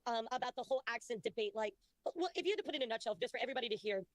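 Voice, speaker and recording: A woman's voice: on the high side, lively intonation, very fast. A woman streamer interviewing a guest, polite and hesitant, with many "um"s and restarts.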